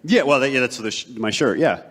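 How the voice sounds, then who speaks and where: A man's voice: mid-range voice, lively intonation, fairly quick, fairly bright tone. Dry, mock-wounded male comedian. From Canada. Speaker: comedian guest. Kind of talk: live comedy podcast banter. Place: live theater stage with audience. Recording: live hall recording with long reverb and faint noise.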